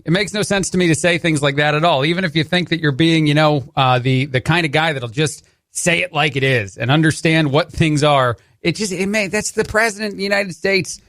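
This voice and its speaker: The recording is clean studio sound without echo, capturing a New Jersey man with a Jersey accent and a fairly high, slightly bright voice. Sitting in as a talk radio host, he offers conversational commentary full of sarcastic asides and frequent "uh" restarts.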